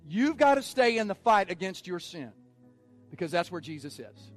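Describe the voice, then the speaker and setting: High-voiced excitable man preaching. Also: normal speed, soft background music. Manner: energetic, excitable preaching that swells into shouts. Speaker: pastor. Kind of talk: sermon.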